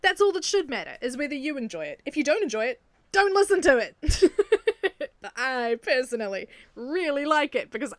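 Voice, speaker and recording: Young new zealand woman, high voice, excitable gushing chatter, dry close sound. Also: dry recording. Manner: excitable, laughs often, gushing. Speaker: video creator. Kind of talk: casual enthusiastic video commentary.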